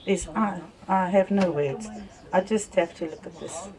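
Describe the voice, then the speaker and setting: An older woman with a South African accent, telling lively stories at a wake and laughing often through them. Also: on the low side, a little slow, crowd noise. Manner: lively storyteller, laughs through tales, softens when thanking people. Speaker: family member speaking at a wake. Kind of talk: anecdotal eulogy storytelling. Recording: voice from far off the mic.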